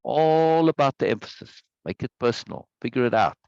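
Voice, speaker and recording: A man's voice: medium pitch, animated, a little fast, creaky, darkish tone, clear, resonant tone, dry recording, lo-fi sound. Man lecturing with emphatic repeated words. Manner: conversational, repeats words for emphasis, frequent "right?" tag questions. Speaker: course instructor. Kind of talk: live online lecture. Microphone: video call microphone.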